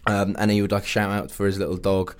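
A man's voice: low-pitched, little pitch movement, fast, clear, resonant tone. A man hosting a radio show, chatting casually and rambling with lots of fillers.

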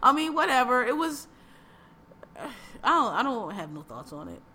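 A woman on a podcast tearing into a TV show in loose, blunt conversation. Her voice sits a bit high and comes across bright and forceful, and she piles up repeated words as she gets worked up. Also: big pitch swings, moderate pace. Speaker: podcast co-host. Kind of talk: casual chat reviewing a TV show.

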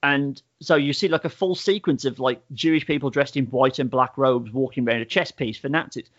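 A man chats loosely through a show's plot, stacking up "like" fillers and the odd swear word. His voice sits at an ordinary middle pitch, and the recording sounds a little dull and muffled. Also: a little fast, fairly bright tone. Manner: rambling storyteller, many "like" fillers, swears freely. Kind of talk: casual chat, reviewing a TV show.

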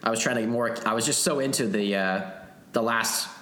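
A man co-hosting a podcast, chatting about a movie in an animated, casual way and swearing freely. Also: lowish voice, a little fast, reverberant. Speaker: podcast co-host. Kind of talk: casual movie recap chat.

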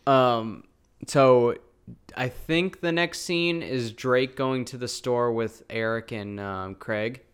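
A man's voice: mid-range voice, takes it slowly, clean tone. A man co-hosting a podcast, recapping a TV episode in a laid-back, swearing, laughing way. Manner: laid-back, swears, laughs often, acts out lines in quotes. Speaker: podcast co-host. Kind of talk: casual chat recapping an episode.

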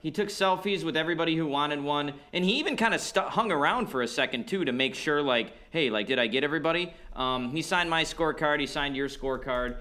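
Bright-voiced man chatting eagerly. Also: a little high, fast talker, hardly any pauses. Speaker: podcast co-host. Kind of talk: casual chat.

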